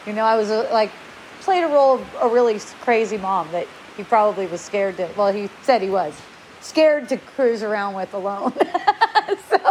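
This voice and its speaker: A woman in her forties telling personal stories in a chatty, animated way, acting out quoted lines and laughing often. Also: mid-range voice, slight background noise, rough recording. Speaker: speaker sharing spiritual experiences. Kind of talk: personal storytelling talk.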